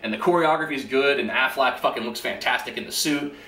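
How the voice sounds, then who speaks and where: A man's voice: medium pitch, a little fast, pushed and bright, soft background music. A man giving a casual, rant-style movie review in an exasperated, profane and sarcastic way. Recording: roomy echo.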